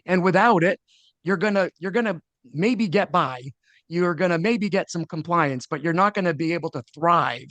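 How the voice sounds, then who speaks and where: A man's voice: high voice, moderate pace, a bit bright, dry recording. A man, a leadership speaker answering as a podcast guest, earnest and often restarting his sentences. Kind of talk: conversational interview.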